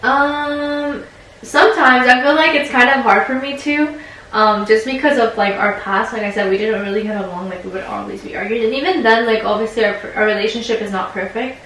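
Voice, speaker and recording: A woman's voice: on the high side, fairly even intonation, fairly quick, fairly bright tone. A woman in her twenties, speaking as a client in a counseling session, reflective and hesitant with many fillers. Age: 20s. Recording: very echoey room, distant mic, faint noise.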